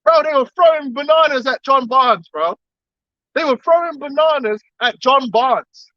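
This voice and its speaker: A man gives an impassioned, emphatic lecture and keeps pressing his listeners with rhetorical questions. His voice sits very high for a man. The recording is dry and dull, with little room sound. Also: animated, moderate pace, dry recording.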